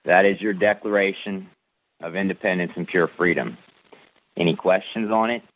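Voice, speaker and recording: A man reading a long formal declaration aloud in a measured, deliberate recitation, then answering a caller's questions. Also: low-pitched. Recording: tinny phone-line radio audio.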